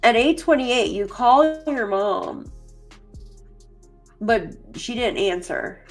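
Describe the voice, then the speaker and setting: A woman's voice: on the high side, lively intonation, slow pace, soft background music. A middle-aged woman hosting a true crime channel, rambling and emotional with lots of fillers as she reads through case documents. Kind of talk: casual chat reading case documents.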